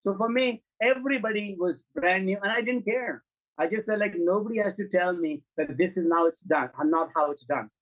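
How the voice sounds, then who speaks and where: A man, a film and commercial director, telling anecdotes in an interview, animated and blunt, acting out dialogue and swearing now and then. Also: high-pitched, brisk, rough recording. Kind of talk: interview storytelling.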